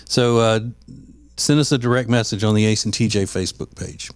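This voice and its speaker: A man's voice: on the low side, fairly quick, smooth, no room sound. A man co-hosting a podcast in casual chat, rambling with frequent restarts and acting out quoted voices. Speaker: podcast co-host.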